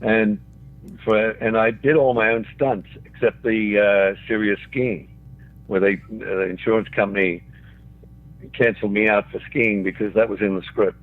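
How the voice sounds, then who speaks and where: A man's voice: fairly low pitch, steady tone, moderate pace. Older man telling stories down a phone line. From Australia. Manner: chuckles through his own stories. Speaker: guest. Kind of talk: anecdotal storytelling.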